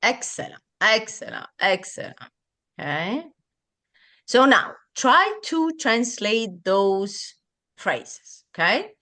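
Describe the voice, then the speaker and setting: A woman teaching an online class, speaking slowly and encouragingly and repeating phrases. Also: medium pitch, sing-song, sharp tone. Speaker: French tutor.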